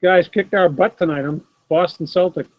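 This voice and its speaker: Dull, dry sound from a laptop's built-in camera mic carries a middle-aged man's high voice, at a moderate pace and free of echo. He's at his desk at home running a live sports card stream, chatting loosely and replying to viewers by name.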